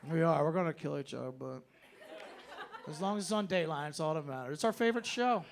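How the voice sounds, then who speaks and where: Animated high-voiced male comedian. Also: fast, creaky, crowd noise, background noise. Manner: animated storytelling, bursts into shouted impressions. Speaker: stand-up comedian. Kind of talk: stand-up comedy set. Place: comedy club stage.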